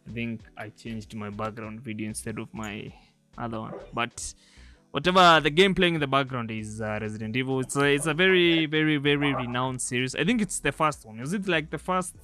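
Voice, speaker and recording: A young Nigerian man with a Nigerian accent co-hosting a casual chat show, animated and quick to laugh. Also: medium pitch, faint music behind. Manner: laughs often, animated, jokey. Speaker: podcast co-host.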